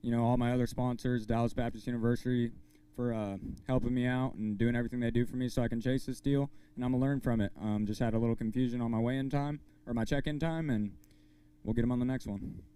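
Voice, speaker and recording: A man's voice: medium pitch, smooth. A tournament angler, a man, briefly explaining a missed check-in and thanking his sponsors on stage outdoors. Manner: quick, flat-voiced sponsor shout-outs.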